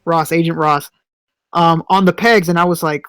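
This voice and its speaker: A man's voice: high-pitched, normal speed, a bit bright, no echo. Profane, storytelling man on a podcast. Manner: profane storyteller, acts out quotes. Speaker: podcast co-host. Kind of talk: casual chat.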